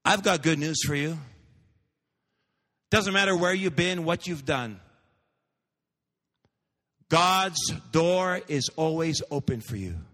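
A man's voice: a little high, animated, slow, pauses often, fairly bright tone, big-room sound. A male pastor preaching a sermon, telling a story and building to fervent proclamations.

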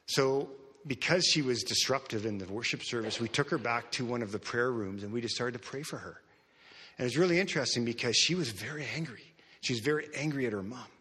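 A man preaching a sermon and telling a story, earnest, repeating words, moving between hushed and raised passages. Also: mid-range voice, fast, breathy edge, long reverb tail. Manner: earnest, repeats words, swings from soft to loud. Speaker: pastor.

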